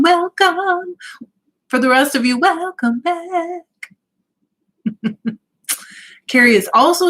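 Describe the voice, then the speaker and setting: A woman's voice: fairly high pitch, a bit bright. A woman hosting a casual livestream from home, cheerfully greeting viewers by name and reading out their comments. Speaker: livestream host.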